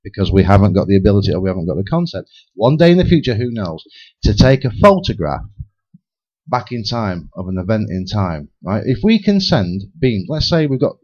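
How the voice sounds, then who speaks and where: On a lo-fi radio broadcast from a studio, a man with a fairly low voice rambles quickly through speculative theories. He sounds lively, restarting his thoughts again and again.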